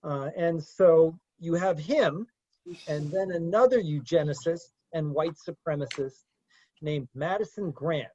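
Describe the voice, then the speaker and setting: A man's voice: fairly high pitch, a little slow, a little mellow. A man leading a group discussion in a conversational lecture style. He talks hesitantly, with many fillers. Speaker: discussion leader. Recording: dull lo-fi dry sound.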